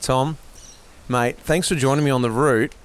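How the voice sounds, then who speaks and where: A smooth, clear-voiced Australian man talks in relaxed, matey banter as he hosts a podcast from the road. He sits at a middle pitch and keeps things casual and friendly while out cycling. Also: normal speed. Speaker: podcast host. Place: outdoors on a bike ride.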